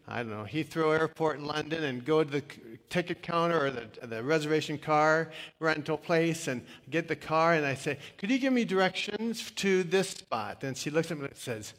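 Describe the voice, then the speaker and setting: An older man preaches a relaxed, story-driven sermon, his voice sitting a bit high for a man. He jokes at his own expense and leans on plenty of fillers. A long reverb trails his words through the church hall. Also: a little fast. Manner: chatty storytelling with self-deprecating humor and many fillers. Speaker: retired pastor. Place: church sanctuary.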